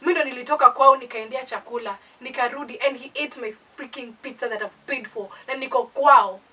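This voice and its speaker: A young woman with a Kenyan accent telling a casual storytime, animated and indignant. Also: a little high, fairly quick, husky. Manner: animated, indignant, code-switching. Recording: voice distant from the mic.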